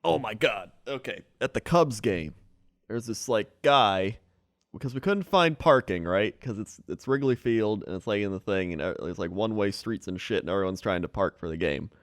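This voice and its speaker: A man's voice: normal speed, no room sound, clean studio sound. A man co-hosting a podcast, telling a story in casual chat and acting out the people in it. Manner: animated storyteller, acts out people in high voices. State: sick with flu. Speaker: podcast co-host.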